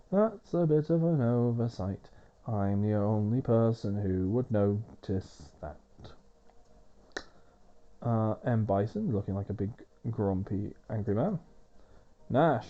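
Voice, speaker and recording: A man's voice: lowish voice, slow pace, warm tone, dull audio. A man giving rambling, wry, off-the-cuff game commentary while he soothes a baby. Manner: rambling, wry and chatty, swearing now and then. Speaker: gaming video host.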